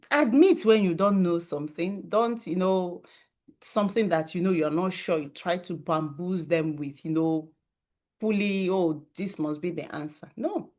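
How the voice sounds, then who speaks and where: A woman's voice: lowish voice, a little mellow. Emphatic woman lecturing parents. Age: adult parent of children. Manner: emphatic, repeats key phrases for stress. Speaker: parenting speaker. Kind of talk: motivational talk to parents.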